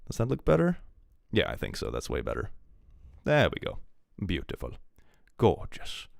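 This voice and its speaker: A man's voice: low-pitched, huge pitch swings, a little fast, creaky, dry recording, clean studio sound. A man live-streaming from home, chatting playfully and reacting to his viewers' messages. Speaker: livestreamer. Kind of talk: casual livestream chat.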